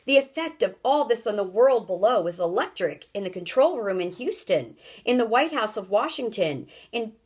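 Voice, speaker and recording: A woman's voice: mid-range voice, animated, slightly rough. A woman teacher reading a children's novel aloud and explaining word sounds. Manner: slow, careful, explanatory.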